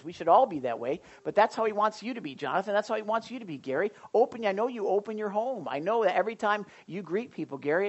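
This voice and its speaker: A pastor preaching to a small group, talking straight to the people in front of him. His voice swings between loud, emphatic points and quiet asides. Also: sits high. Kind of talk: sermon to a small Bible study group.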